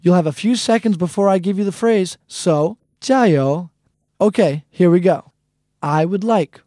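A man's voice: high-pitched, unhurried, dark tone, dry recording. A man hosting a recorded language lesson, explaining phrases patiently and breaking them down step by step into a close microphone. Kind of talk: scripted lesson instruction.

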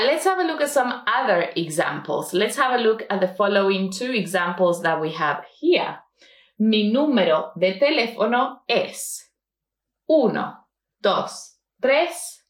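A woman gives a language lesson at a slow, unhurried pace. She speaks patiently and models each word carefully for the learner to repeat. Her voice carries a roomy echo. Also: medium pitch. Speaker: Spanish teacher.

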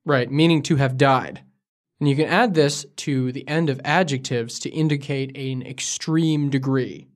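A man's voice: mid-range voice, steady tone, measured pace. A man co-hosting a language lesson podcast, speaking as a curious learner who asks for examples, recorded in a studio. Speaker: co-host. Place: studio in Beijing.

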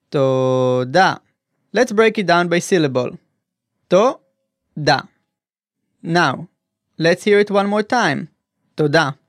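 A male language teacher with a somewhat high voice talks very slowly, carefully sounding out every syllable. His scripted lesson is recorded dry and close, with no room echo. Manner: slow, careful enunciation of syllables.

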